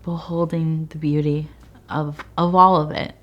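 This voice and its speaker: A woman giving a soft-spoken ASMR tea leaf reading, meandering with fillers and sometimes dropping to a whisper. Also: low voice, flat delivery, unhurried, muffled recording.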